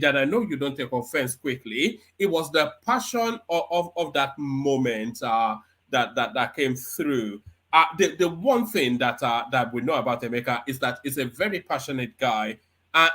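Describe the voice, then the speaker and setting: Lively male host of a political talk show. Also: medium pitch. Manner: lively, conciliatory, hesitant with fillers. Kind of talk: hosting a political discussion.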